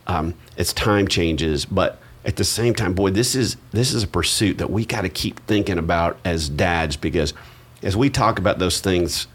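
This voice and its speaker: A man's voice: sits low, moderate pace, hardly any pauses, breathy edge. A middle-aged man hosting a podcast, chatting casually and joking at his own expense. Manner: relaxed, self-deprecating, chatty. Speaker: podcast host.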